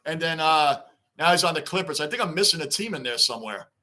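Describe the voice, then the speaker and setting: High, bright-voiced man hosting a livestream. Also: lively intonation, fast talker. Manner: chatty, greets viewers by name, repeats himself. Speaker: livestream host reading fan chat. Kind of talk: casual sports livestream chat.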